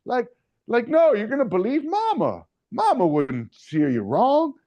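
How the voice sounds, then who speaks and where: A pushy motherly woman coaxes and wheedles like an ad pitchwoman, as a man puts her on. The voice sits high and swoops up. The sound is dull and lo-fi. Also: huge pitch swings, measured pace, heavily acted. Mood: coaxing. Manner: coaxing sales patter.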